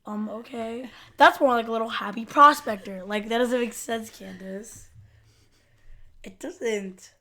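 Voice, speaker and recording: A woman's voice: fairly high pitch, measured pace, sharp tone. A young woman co-hosting a podcast in casual chat, teasing and laughing often. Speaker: podcast co-host.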